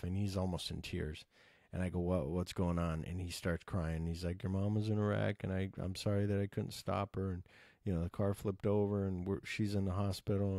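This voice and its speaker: A middle-aged man with a deep, relaxed voice chats through a long personal story on his podcast. He wanders and swears casually, leaning on fillers as he goes. The sound is dry and close, with no room around it. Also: no room sound. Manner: rambling, profane, lots of fillers. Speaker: podcast host.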